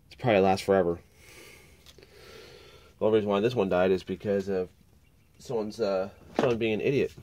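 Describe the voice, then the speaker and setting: A man with a lowish voice and a slight nasal stuffiness from a cold talks casually through a chainsaw repair. He rambles, mutters to himself mid-task and speaks as if friends were watching over his shoulder at the bench. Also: a little mellow, no room sound. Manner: chatty, rambling, muttering while working. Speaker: small engine repair vlogger. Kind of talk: casual workshop narration.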